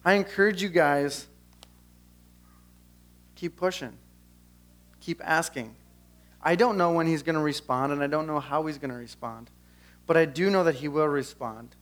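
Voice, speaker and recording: Earnest young male pastor, slightly high voice. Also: normal speed, pauses often. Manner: earnest, conversational preaching with casual asides. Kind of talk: sermon and closing prayer. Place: church service. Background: soft guitar music.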